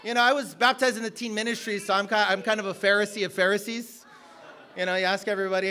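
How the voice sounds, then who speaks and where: A man preaching a sermon, energetic and joking, rising to shouts at the peaks. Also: sits high, racing. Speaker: guest preacher.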